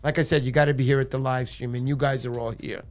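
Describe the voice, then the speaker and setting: A middle-aged man hosting a casual livestream, playful and jokey with loud bursts of excitement. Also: mid-range voice, quick pace, faint music behind. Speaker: livestream host.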